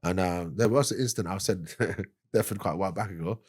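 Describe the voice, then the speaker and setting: Podcast guest, London man, rapid husky delivery, lower voice, street slang storyteller. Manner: animated, laughing, fast street slang. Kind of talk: casual storytelling.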